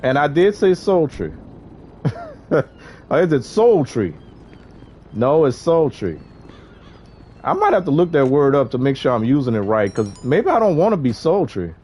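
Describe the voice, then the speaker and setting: Male streamer, relaxed chatty livestream talk, faint game noise behind. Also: fairly high pitch, normal speed. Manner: laid-back, chatty, talks to chat. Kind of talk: casual gameplay livestream chat.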